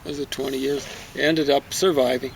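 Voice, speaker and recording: A man's voice: mid-range voice, fairly even intonation, a little fast, a little hiss or hum, low-quality recording. A man giving a casual, rambling book review outdoors in a garden, musing aloud with many fillers and asides.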